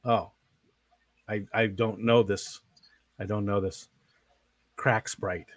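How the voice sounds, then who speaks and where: A man's voice: on the low side, little pitch movement, slow, no room sound, clean studio sound. A man hosting a casual interview stream, rambling and chuckling as he talks. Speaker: stream host.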